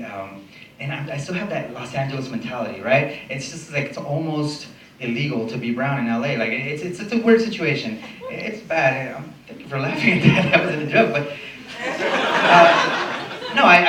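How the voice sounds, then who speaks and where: A man from Mexico performing a stand-up comedy set, animated and profane, acting out voices of people in his stories. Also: mid-range voice. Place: comedy club stage. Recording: roomy club sound from a distance, audience noise.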